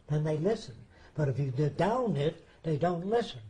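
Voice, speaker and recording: A man recounting a story in a mellow, somewhat raised voice. He talks deliberately and with emphasis, pausing to ask whether the listener follows. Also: a little high, lively intonation, poor audio. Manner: deliberate, emphatic, rhetorical questions. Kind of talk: casual storytelling.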